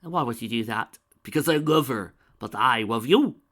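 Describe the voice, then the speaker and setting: A man's voice: on the low side, fast talker, fairly bright tone. A man voicing an obsessive, unhinged female pony princess who cackles and pleads for love. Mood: pleading. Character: obsessive lovestruck female alicorn princess villain.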